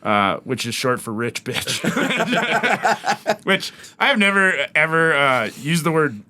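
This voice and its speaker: A man from Denver, a comedian and podcast host, telling stories in a casual, animated way with plenty of swearing. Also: on the high side, slow. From Denver, United States. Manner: animated, swearing, acts out voices in anecdotes. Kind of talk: casual storytelling chat.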